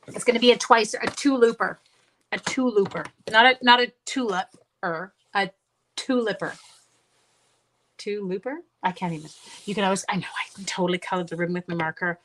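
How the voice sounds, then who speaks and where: A woman's voice: medium pitch, brisk, a bit bright, slight background noise. A middle-aged woman hosting a card-making livestream, chatting casually to viewers and talking herself through each step. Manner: chatty, self-talking while crafting, talks to viewers. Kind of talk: casual livestream crafting chat.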